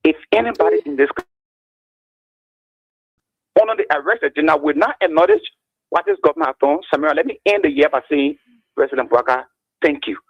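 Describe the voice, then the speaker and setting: A man's voice: fairly high pitch, huge pitch swings, quick pace, vocal fry, pauses often, slightly rough, no room sound. A man calling in to a radio show, arguing his case and addressing the host by name. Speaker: caller. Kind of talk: political call-in commentary. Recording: dry phone-line call.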